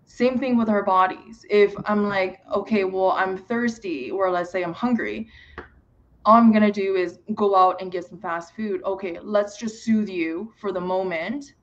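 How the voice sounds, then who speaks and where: A woman's voice: mid-range voice, measured pace, muffled recording. A woman naturopathic doctor explaining how the body reacts, in an earnest, lightly playful way. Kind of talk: explanatory interview talk.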